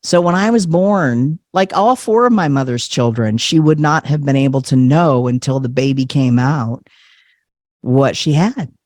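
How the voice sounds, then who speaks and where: A man, a podcast guest, telling a personal story in a casual, animated way, often laughing and acting out what others said. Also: medium pitch, measured pace, no room sound, clean studio sound.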